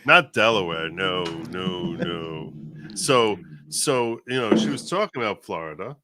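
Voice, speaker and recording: A man chatting casually as a guest, animated and rambling, with many restarts. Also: low voice, measured pace, heavy background noise. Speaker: guest commentator. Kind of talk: casual chat.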